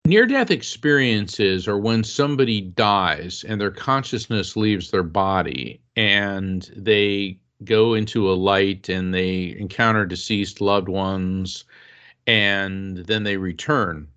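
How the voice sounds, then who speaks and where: A man with a fairly low voice tells a personal story as an interview guest, speaking with earnest feeling. He is a psychic medium and author who acts out the voices of the people in his tale. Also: slow pace, fairly bright tone, clean tone.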